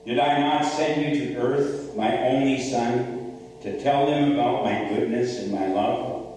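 A pastor giving voice to an elderly father, measured and paternal, stern yet loving. The slow words ring through a large, reverberant hall and are caught by a distant mic. There is a low hum behind them. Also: a little mellow, close to an everyday voice. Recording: echoey hall, far mic, faint hum.

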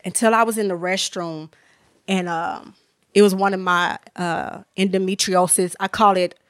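A woman's voice: medium pitch, steady tone, moderate pace, dry recording, studio quality. A woman speaks earnestly and emotionally as a podcast guest, sharing her faith testimony in a casual, candid way with many restarts. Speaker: author and minister, podcast guest. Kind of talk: candid personal testimony in conversation.

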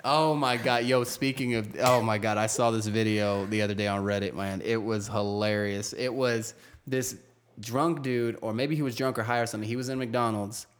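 A man in a casual chat, telling stories in an animated way and often acting out what people said. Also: on the low side, moderate pace. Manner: animated storyteller, acts out quotes, lots of "like".

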